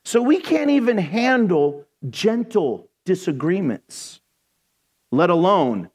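A male pastor preaching a sermon to a congregation, animated and jokey, often acting out voices. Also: high-pitched, measured pace. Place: church before a congregation.

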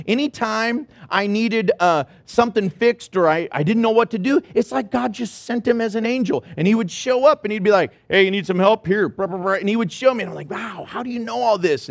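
A male pastor preaching a sermon, telling a story with animated, rising excitement. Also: high voice, vocal fry, no echo.

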